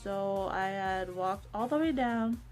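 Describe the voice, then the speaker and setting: A young woman vlogging a casual storytime, chatty, acting out quotes in a higher voice. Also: takes it slowly, a little mellow, soft background music.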